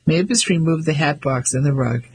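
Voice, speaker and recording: A man reading a novel aloud in steady scripted narration. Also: a little high, moderate pace, a little hiss or hum, rough recording. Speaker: audiobook narrator.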